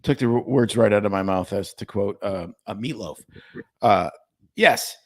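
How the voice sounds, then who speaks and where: A man's voice: on the low side, moderate pace. A man co-hosting a casual livestream over drinks, joking and playful, sometimes fumbling his words. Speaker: livestream co-host.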